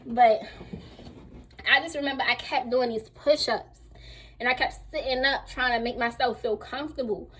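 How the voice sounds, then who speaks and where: A young woman tells a rambling, animated storytime. She is still a little sore from recovery and speaks casually from home while getting dressed. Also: fairly high pitch, normal speed, a little hiss or hum. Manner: chatty, animated retelling with acted-out quotes. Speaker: vlogger.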